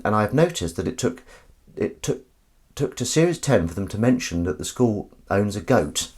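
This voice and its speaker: A man's voice: on the low side, background noise. A man hosting a casual livestream while washing up, punning and mocking himself as he chats to viewers. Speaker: livestream host. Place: home kitchen.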